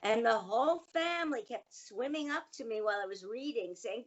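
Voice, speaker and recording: An older woman, a voice actress, chatting as a guest and telling lively stories from her life. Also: a little high, fairly quick, lo-fi sound. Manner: animated storyteller. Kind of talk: casual interview chat.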